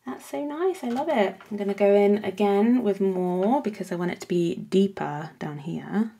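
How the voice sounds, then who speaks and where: A woman hosting a painting tutorial, chatting casually as she works and often dropping into soft whispers. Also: mid-range voice, normal speed, gravelly, hardly any pauses. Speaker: art workshop host.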